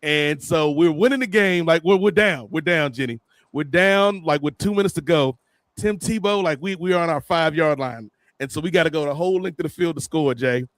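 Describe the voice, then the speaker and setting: Man, comic podcast host, fairly high-pitched, dry close sound, joking and animated. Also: brisk, no echo. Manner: animated, joking, addresses co-hosts by name. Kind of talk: casual comedic storytelling.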